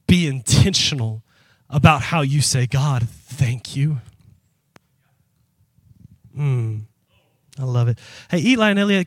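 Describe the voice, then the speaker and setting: Male pastor, high bright voice, fiery emphatic sermon delivery, dry close sound. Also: dry recording. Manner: impassioned, emphatic preaching; speaks directly to the congregation. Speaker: pastor and youth worker.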